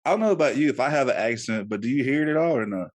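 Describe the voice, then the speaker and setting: A man in his thirties hosting a casual podcast interview, animated and laughing, often repeating words as he talks. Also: mid-range voice, very fast. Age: 30s. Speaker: podcast host.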